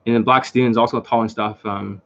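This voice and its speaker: A man's voice: medium pitch, fairly even intonation, brisk, a bit bright. A man talking as a dating coach in an unscripted monologue, rambling and blunt, with frequent profanity and fillers. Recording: dull lo-fi recording.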